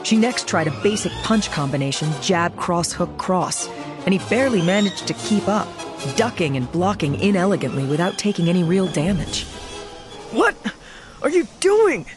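An audiobook narrator reads in a steady, measured way at a middle pitch. The delivery is even and clear, giving the story room to unfold. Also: over music. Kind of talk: scripted narration.

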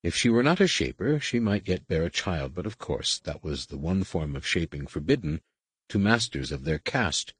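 Male audiobook reader; low husky voice, dry close recording, deliberate scripted narration. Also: big pitch swings, no room sound.

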